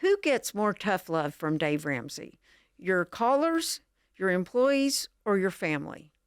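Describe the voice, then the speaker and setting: A woman's voice: medium pitch, sing-song, measured pace, clean tone, no room sound, clean studio sound. A woman from Tennessee with a Southern American accent, interviewing a guest with short questions. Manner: attentive, brief affirmations. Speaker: interviewer, professor.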